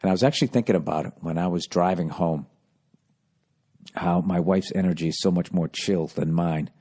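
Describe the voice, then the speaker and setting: Low-voiced man ranting through a story. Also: a little fast. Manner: profane, ranting, self-mocking; swings from low mumbling to loud animated outbursts. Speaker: comedy podcast host. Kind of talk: casual storytelling monologue.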